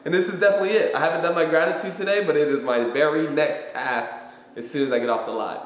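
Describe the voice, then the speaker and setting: A man's voice: fairly high pitch, quick pace, slight background noise. Rambling man in a very echoey room. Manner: rambling, filler-heavy, swears freely. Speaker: motivational vlogger. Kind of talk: casual livestream pep talk. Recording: very echoey room with long reverb.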